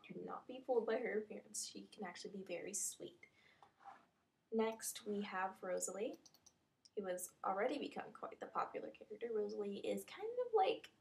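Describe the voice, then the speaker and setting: A young woman talking casually through an audition call, pausing often on ums as she moves from one character to the next. Her voice has a gravelly, creaky texture at mid pitch. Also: animated, a little mellow. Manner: chatty, many ums, describes characters one after another. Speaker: fan series creator describing characters.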